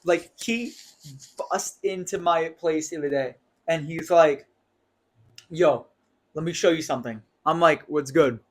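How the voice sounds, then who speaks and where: Young New York co-host, slangy and quick to laugh, voice sits a bit high. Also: male voice. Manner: laughs a lot, slangy banter. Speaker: podcast co-host. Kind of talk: casual chat.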